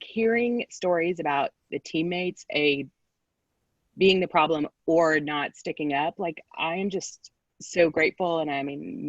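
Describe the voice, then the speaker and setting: A woman's voice: low voice, no room sound. Empathetic woman, dry muffled audio. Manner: warm, appreciative, empathetic. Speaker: parent. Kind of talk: town hall discussion.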